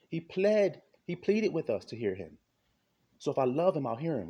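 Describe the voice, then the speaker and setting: A man preaching an impassioned sermon, fervent and repetitive, with a husky voice. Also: mid-range voice, big pitch swings, moderate pace, mellow. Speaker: street preacher.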